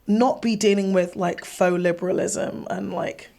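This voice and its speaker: A woman's voice: medium pitch, a little slow, gravelly. An English woman, a guest artist, chatting casually in an interview and acting out bits of conversations with a laugh. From England. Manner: animated, acts out voices, laughs often. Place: live event venue in front of an audience.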